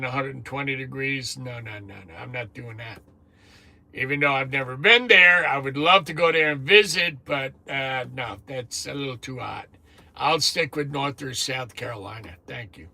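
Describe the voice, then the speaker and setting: Chatty fifties man with a bright voice. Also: mid-range voice, creaky. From New Jersey. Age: 50s. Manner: chatty, greets viewers by name, swears casually. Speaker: truck driver livestream host. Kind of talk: casual live chat. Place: truck cab on lunch break.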